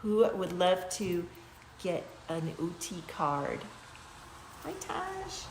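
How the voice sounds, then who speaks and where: A woman's voice: on the low side, slow pace, slight background noise. Chatty woman livestreaming from an echoey room. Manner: loose and chatty, breaks into light-language chanting and humming. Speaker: livestream host reading oracle cards. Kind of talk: casual spiritual livestream chat. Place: small home studio.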